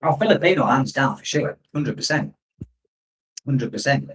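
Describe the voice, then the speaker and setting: A man's voice: medium pitch, expressive, moderate pace, a bit bright, far from the mic, low-quality recording. A man talks freely in a casual live-stream chat, drifting from one story to the next. He keeps breaking off to answer comments from viewers, in an easygoing, unscripted way. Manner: rambling, chatty, reads out viewer comments. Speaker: expat livestream host.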